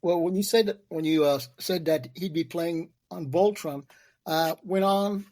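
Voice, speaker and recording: A man's voice: a little high, measured pace, darkish tone, no room sound. A man co-hosting a casual podcast, speaking loosely with many fillers. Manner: loose, filler-heavy talk. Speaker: podcast co-host.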